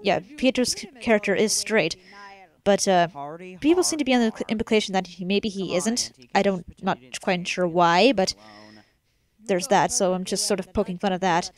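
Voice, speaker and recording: A woman's voice: mid-range voice, normal speed. A young woman gives a rambling, casual commentary on her own fan-made series. She is chatty, often exasperated and laughs a lot.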